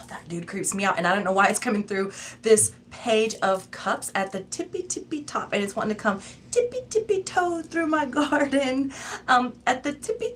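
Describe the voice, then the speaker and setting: A woman's voice: medium pitch, a bit bright, slight background noise. A woman giving a tarot reading in a casual, chatty, rambling way, often breaking into laughs. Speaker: tarot reader.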